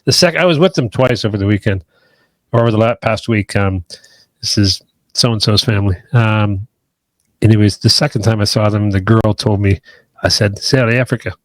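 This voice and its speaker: A man's voice: on the low side, moderate pace, no room sound. A man co-hosting a podcast, chatting casually and rambling with hedges and restarts. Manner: rambling, hedging, many restarts. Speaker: podcast co-host.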